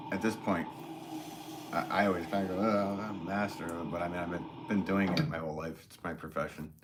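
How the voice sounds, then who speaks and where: A low-voiced, middle-aged American man chats casually on a livestream while he works, reading viewer comments in a relaxed, rambling way. He fills pauses with "um" and soft chuckles. A steady hum of noise sits clearly behind his voice. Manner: relaxed, rambling, chuckles often, many fillers. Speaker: potter hosting a livestream.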